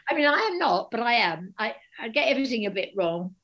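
An older woman, a guest author chatting in an interview, an animated storyteller who acts out the voices of people she quotes. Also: fairly high pitch, quick pace, dull audio. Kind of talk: casual interview chat.

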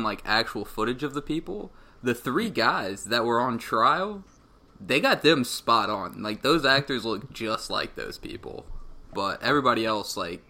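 A man's voice: mid-range voice, pushed and bright. A young adult man calling in to a casual podcast chat, dry and matter-of-fact.

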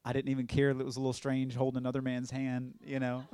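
A man who is an evangelist, telling his testimony as a sermon in an animated storytelling way, acting out other people's voices and laughing often. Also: medium pitch, slight background noise.

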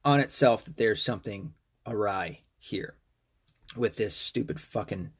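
A man's voice: on the low side, a little slow, husky. A man hosting a podcast, talking in a casual, rambling and profane rant. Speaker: podcast host. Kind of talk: casual monologue.

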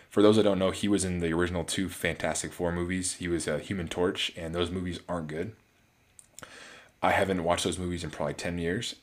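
Deep-voiced man rambling about movies. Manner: rambling, frequent restarts and fillers. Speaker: film reviewer. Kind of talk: casual solo movie review.

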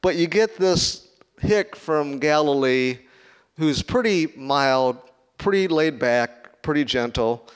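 A man from Chicago preaches in a loose, conversational way. He jokes with the congregation and throws questions out to them, his voice pitched a little high for a man. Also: clean tone. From Chicago, United States. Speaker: pastor. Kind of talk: sermon.

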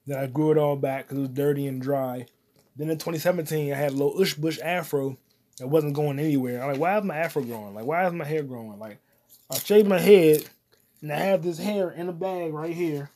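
A man hosting his own solo comedy podcast, cursing often and rambling while he eats popcorn, his voice swinging between loud outbursts and mutters. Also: fairly even intonation, fairly quick. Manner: profane, loud swings in volume and pitch; eating popcorn while talking. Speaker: podcast host.

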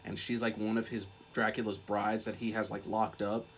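A man's voice: lowish voice, flat delivery, normal speed, a little hiss or hum. Young man rambling in casual podcast chat. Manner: rambling, swears a lot, heavy use of "like". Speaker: podcast co-host.

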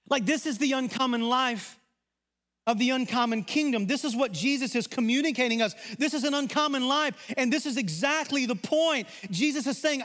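A Southern man preaching a sermon in a fairly high voice, talking like he's chatting with the congregation. He swings from loud, driving points to soft, quiet asides. His voice rings out with the long reverb of a big church hall. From Arkansas. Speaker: pastor.

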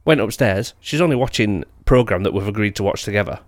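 A man's voice: lowish voice, lively intonation, quick pace, no echo. A man with a Northern English accent, co-hosting a podcast with blunt, sweary banter. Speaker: podcast co-host. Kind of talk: casual chat.

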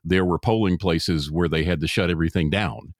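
Male co-host, very deep, animated, easygoing and agreeable, dry close mic. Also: a little fast, no echo. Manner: agreeable, laughs often, easygoing. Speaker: podcast co-host. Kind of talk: casual chat.

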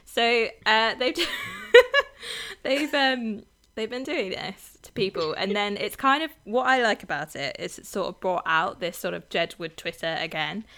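A woman co-hosting a casual podcast chat. Her voice is bright and forward, and she talks in a loose, rambling way, full of fillers and giggles. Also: mid-range voice, animated, unhurried. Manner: chatty, lots of fillers and giggles. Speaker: podcast co-host.

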